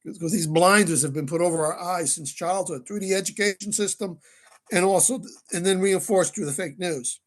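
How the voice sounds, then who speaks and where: This is a high-voiced man in his late fifties from New Jersey, a guest on an interview show. He explains himself at length with firm emphasis and keeps doubling back on his words. His voice sits well above the usual male range. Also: fairly quick. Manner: emphatic, with frequent repeated words and restarts. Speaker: guest, researcher and author.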